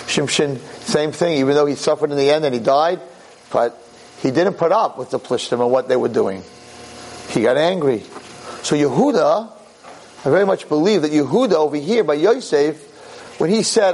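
A man gives a Torah lecture, impassioned and exhorting his listeners. His voice sits high and moves with wide, lively swings. There is a husky roughness to it. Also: moderate pace.

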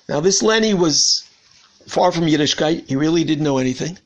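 Animated and fairly high-pitched at a normal pace, this Washington, D.C. rabbi teaches Torah conversationally. He tells his story earnestly, circling back to repeated phrases.

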